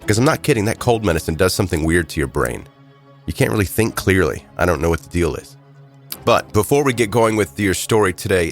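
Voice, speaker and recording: A man hosting a true crime podcast, narrating a scripted story with wry, joking asides while he has a head cold. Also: sits low. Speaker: podcast host.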